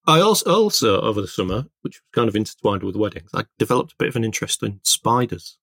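A man's voice: on the low side, very animated, fast, fairly bright tone, no room sound, clean studio sound. A man co-hosting a podcast, chatting casually and rambling through stories with lots of self-corrections. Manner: rambling, self-interrupting storyteller. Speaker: podcast co-host, illustrator. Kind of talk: casual chat.

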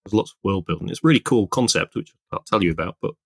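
A low, creaky, slightly rough male voice talks in an animated, rapid-fire way, recorded in a clean studio with no room sound. He's an illustrator co-hosting a podcast, casually rambling through stories and constantly interrupting and correcting himself.

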